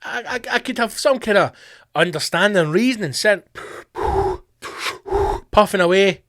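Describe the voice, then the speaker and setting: Scottish male podcast host, middle-aged, highish voice, dry close sound, sweary animated rant. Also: a little slow, no echo. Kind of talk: profane comedic rant.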